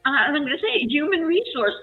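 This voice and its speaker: A woman's voice: high voice, brisk, crowd noise. Woman telling a story over a tinny line. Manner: animated, emotional retelling with restarts. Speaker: live chat guest. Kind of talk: casual storytelling chat. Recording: tinny phone-line audio with faint music.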